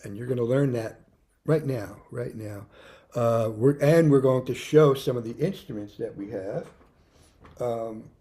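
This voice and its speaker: Slow, mellow-voiced male music teacher. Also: mid-range voice. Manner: counts beats loudly, drops to soft prompts; patient, repeats words for young children. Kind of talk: classroom music lesson.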